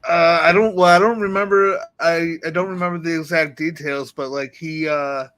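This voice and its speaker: A man's voice: on the high side, fairly even intonation, normal speed, fairly bright tone. A man on a casual podcast, trailing off and searching for details he can't quite remember. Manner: hesitant, struggling to recall details.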